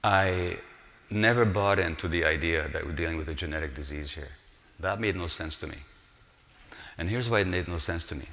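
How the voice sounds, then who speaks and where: Deep-voiced guy doctor giving a talk, earnest and emphatic, long echo in a big hall. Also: moderate pace, fairly bright tone. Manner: earnest, explanatory, emphatic with rhetorical questions. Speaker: physician giving a public lecture. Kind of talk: public lecture.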